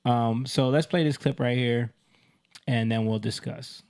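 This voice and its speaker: A man's voice: mid-range voice, steady tone, measured pace, darkish tone, clean tone. A man hosting a casual podcast discussion, steering the topics and adding short agreements. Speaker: host.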